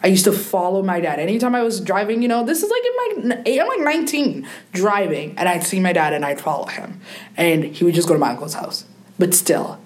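A young adult woman, a podcast guest, telling an emotional personal story with animated delivery and mimicked family voices. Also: mid-range voice, fairly quick.

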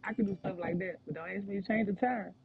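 Female co-host with a gravelly voice, quick agreeing replies, dull lo-fi sound. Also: medium pitch. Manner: brief agreeing interjections. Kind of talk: casual chat. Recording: dull lo-fi audio with faint noise.

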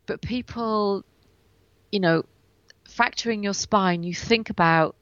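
A woman guest tells her story at home with animated, acted-out asides, and she is in pain as she speaks. Her voice sits at an ordinary pitch and comes through a dull, slightly lo-fi line. The sound is dry and close, with no room around it. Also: takes it slowly, no room sound. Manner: animated, acts out what she and others said. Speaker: guest, writer and coach. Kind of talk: personal storytelling in an interview.

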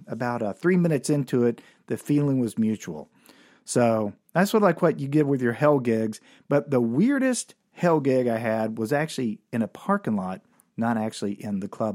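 A man's voice: mid-range voice, a little mellow, dry recording. Man, comedian, podcast host, rambling, self-deprecating storytelling, dry sound. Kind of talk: comic storytelling from memory.

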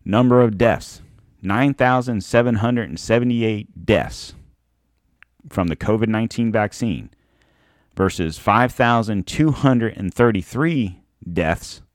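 Low-voiced sarcastic podcast host, man. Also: slow, no echo, clean studio sound. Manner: sarcastic, emphatic, laughs at his own points. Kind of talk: casual monologue.

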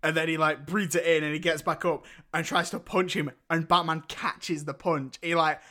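A man's voice: a little high, fairly even intonation, normal speed, pushed and bright. A young man, co-hosting a casual film review podcast, joking and laughing often as he retells scenes. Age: young adult. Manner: laughs often, jokey, mimics film characters. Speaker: podcast co-host.

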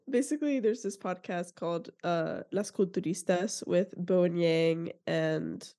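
A woman's voice: on the low side, a little slow, dark tone. A woman co-hosting a casual film podcast, playful and jokey, often saying "like" and "literally", on a recording of reduced audio quality. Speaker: podcast co-host. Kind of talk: casual chat.

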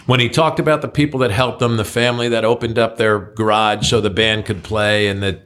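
A man's voice: on the low side, steady tone, brisk, a bit bright. A man co-hosting a podcast, chatting casually and telling stories, acting out quotes with a raised voice. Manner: storytelling, acts out quotes with raised voice. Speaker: podcast co-host. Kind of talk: casual chat.

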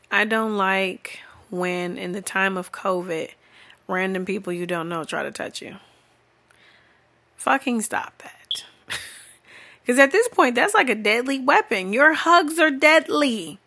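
Woman, bright forceful voice, blunt profane rant, exasperated, laughing often, comedic monologue. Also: medium pitch. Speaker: vlogger.

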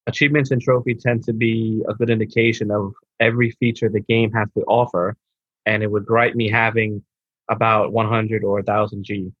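On a dull lo-fi mic with a dry sound, a relaxed man co-hosting a gaming podcast reads a listener's message and chats, tossing in "bro" and slurring through restarts. His voice is lowish, husky, and level, and he talks briskly.

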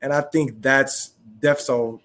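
A young man, a professional football player, talking casually as a guest, softly and with many restarts. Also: mid-range voice, fairly even intonation. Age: young adult. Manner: soft-spoken, halting with many restarts. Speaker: guest, pro football wide receiver. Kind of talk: casual interview talk.

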